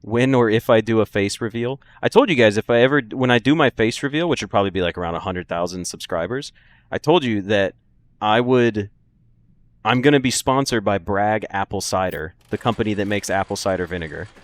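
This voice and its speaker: Brief: young male streamer, low voice, loose jokey commentary, chats with viewers. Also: a little fast. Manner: joking, laughs often, reacts to chat. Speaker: gaming streamer. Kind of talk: casual let's-play commentary.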